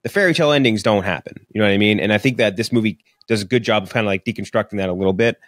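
Casual podcast co-host, young male, lowish voice, rambly and profane, dry close mic. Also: racing, fairly bright tone, dry recording. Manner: rambling, filler-heavy, profane. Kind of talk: casual movie review chat. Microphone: studio podcast mic.

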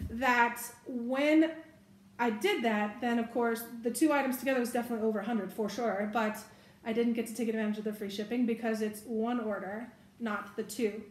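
Chatty, giggly woman in an echoey room. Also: fairly high pitch. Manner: chatty, giggly, self-correcting asides. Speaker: bag reviewer. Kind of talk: casual product review.

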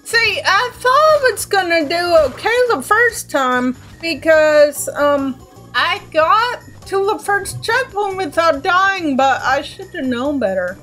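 A woman's voice: high voice, animated, slow, a bit bright. A young woman commenting on her own gameplay, exasperated and self-mocking, slipping into sing-song complaints. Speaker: let's play gamer. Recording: faint game music behind.

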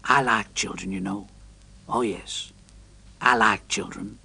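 Give me a gentle old traction engine, as a man puts him on, soft, low and dreamy. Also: slow pace, vocal fry, slightly rough, no room sound, exaggerated voice. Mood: wistful. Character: elderly male traction engine, gentle, wistful.

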